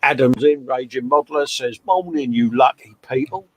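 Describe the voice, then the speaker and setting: A man's slightly mellow, medium-pitched voice runs at a normal speed. He's co-hosting a relaxed live modelling chat stream, reading out what viewers comment and keeping up matey, joking banter full of "mate" and "fella."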